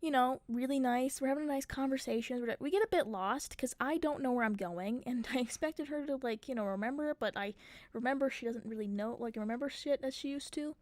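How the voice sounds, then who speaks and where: A young woman on a livestream, spinning a story in a chatty, animated way and swearing freely. Her voice sits a touch high and sounds dry and close, with no room around it. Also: brisk, no echo. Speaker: streamer.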